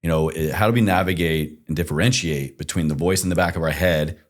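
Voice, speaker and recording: A man's voice: sits low, quick pace. A man hosting a podcast, asking thoughtful, searching questions. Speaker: podcast host. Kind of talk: interview questions.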